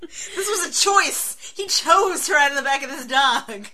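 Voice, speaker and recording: Wry woman with a bright, higher voice. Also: animated, a little slow. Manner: wry, amused commentary. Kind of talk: casual chat about comics.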